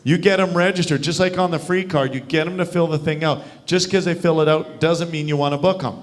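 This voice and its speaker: A man's voice: on the high side, steady tone, brisk. A man leading a sales training over a video call, coaching and quizzing his listeners. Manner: coaching, asks the group questions. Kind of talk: live training session.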